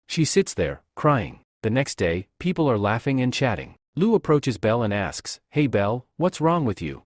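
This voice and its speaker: A man narrating a comic story recap in an even storytelling read. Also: medium pitch, no room sound, clean studio sound.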